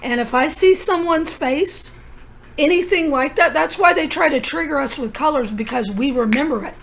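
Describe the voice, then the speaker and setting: A woman's voice: high-pitched, moderate pace, gravelly. A woman vlogging in a rambling personal monologue, telling her story in an urgent, conspiratorial way with many asides.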